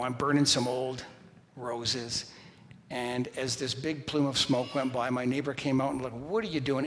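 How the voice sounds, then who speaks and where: A middle-aged man preaching a sermon, telling stories with lively shifts and sudden shouted lines. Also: medium pitch, slight background noise. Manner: storytelling, animated, shouts quoted lines. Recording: long hall reverb.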